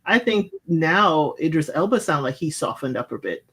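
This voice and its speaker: Measured, explanatory American co-host. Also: medium pitch, expressive, fairly bright tone, breathy edge. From American with West Indian roots. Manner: measured, explanatory, with many fillers. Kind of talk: casual chat.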